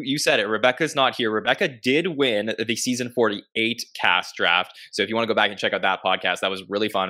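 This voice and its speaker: A man's voice: on the low side, sharp tone. A man hosting a podcast, introducing each guest in an upbeat, casual way. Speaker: podcast host.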